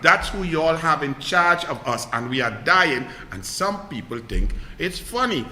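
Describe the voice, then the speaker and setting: A Trinidadian man delivering an indignant political rant, sarcastic and heated, often climbing into shouts. His voice sits high and sounds sharp and tense. It echoes through a room with a long reverb tail. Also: expressive, moderate pace, hardly any pauses, a little hiss or hum. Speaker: political commentator.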